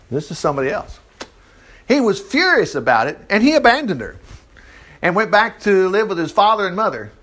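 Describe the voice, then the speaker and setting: A male preacher with a lilt retells a scripture story in sermon style. His voice sits a bit high for a man and swings up and down a lot as he acts out quotes and drops in asides. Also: fairly bright tone. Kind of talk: sermon, reading and commenting on scripture.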